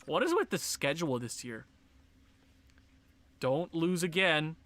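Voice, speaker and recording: Excitable young man commenting on gameplay. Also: fairly high pitch, unhurried, no room sound. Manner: excitable, talks to his players, bursts into shouts and laughs. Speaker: gaming YouTuber.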